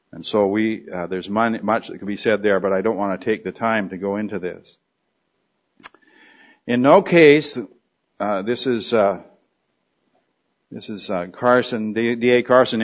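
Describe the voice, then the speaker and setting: A man's voice: medium pitch, highs cut off. Man teaching a Bible lesson. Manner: explanatory, checks in with "okay?". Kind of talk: teaching sermon.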